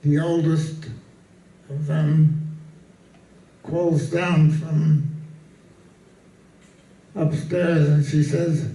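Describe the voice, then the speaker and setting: A man telling jokes in an unhurried storytelling way, in an echoey room away from the mic. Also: on the high side, little pitch movement, dark tone, far from the mic. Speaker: comedian.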